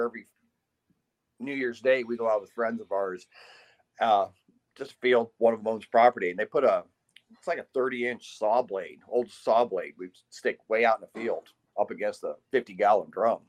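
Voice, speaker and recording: Telling relaxed stories with animated sound effects and plenty of laughter, this marksmanship instructor appears as a podcast guest. He talks briskly at a medium pitch.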